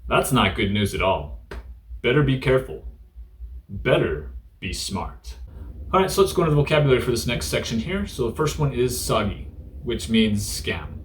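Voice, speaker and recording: This man teaches Japanese vocabulary through the news in a casual, joking, irreverent way, packed with fillers. His medium-pitched voice is very animated and a little fast, with a slight hiss or hum in the audio.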